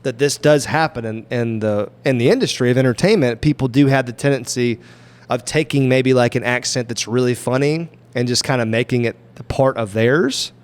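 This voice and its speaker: A man hosting a casual podcast, rambling and thinking aloud with quick asides. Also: medium pitch, clear, resonant tone. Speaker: podcast host.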